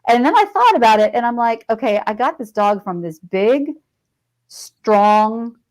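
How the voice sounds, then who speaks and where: A woman's voice: on the high side, animated, a little slow, a little mellow, poor audio. A middle-aged woman, a veteran and author guesting on a podcast, telling personal stories in a chatty, digressive way. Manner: chatty and digressive, with frequent fillers and laughs. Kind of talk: casual conversational storytelling.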